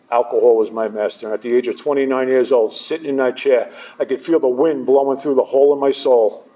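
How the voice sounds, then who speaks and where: A man's voice: medium pitch, mellow. A middle-aged man sharing his recovery story with a live audience, conversational and self-deprecating.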